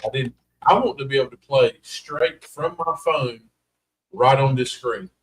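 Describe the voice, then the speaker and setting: A man's voice: medium pitch, a little slow, a little hiss or hum, poor audio. A middle-aged man, hosting a casual livestream chat in a rambling, folksy way. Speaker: host.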